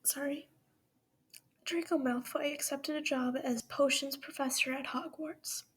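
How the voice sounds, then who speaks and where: A woman reading fanfiction aloud into a voice recorder, softly and often half whispered. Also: high-pitched, steady tone, a little slow, slight background noise. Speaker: fanfiction reader.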